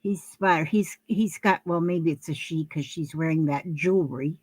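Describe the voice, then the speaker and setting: An older woman chats casually about her crafts in a rambling, homey way, with a lowish voice. She keeps correcting herself and adds plenty of fillers. The sound is dry and close, with no room echo. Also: normal speed, darkish tone, breathy edge. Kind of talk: casual chat to camera. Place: her craft area at home, indoors.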